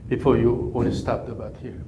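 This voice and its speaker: A man coaching a golf swing, giving calm, repetitive cues and humming through counts. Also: medium pitch, fairly quick, noisy background. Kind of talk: live coaching session. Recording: echoey room with faint ambience.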